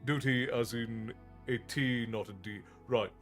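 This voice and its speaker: Middle-aged male streamer, from Newfoundland, Americanized accent with hints of Newfie, casual and halting, average pitch, light music behind. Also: fairly even intonation, a bit bright. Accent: Americanized with Newfoundland traces. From Newfoundland, Canada. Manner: pauses to think, frequent restarts. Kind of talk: casual chat with live chat.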